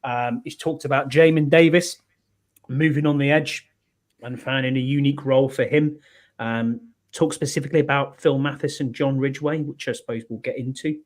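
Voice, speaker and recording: A man's voice: medium pitch, steady tone, moderate pace. A man, hosting a casual sports podcast in a chatty, upbeat way. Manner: chatty, upbeat, reads sponsors and runs through news. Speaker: podcast host.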